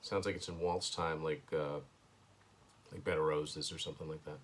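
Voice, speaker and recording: A man with a bass voice, steady tone, and moderate pace hosts his own show from home indoors. He casually thinks aloud through a first listen of an album, hesitant and dropping dry asides.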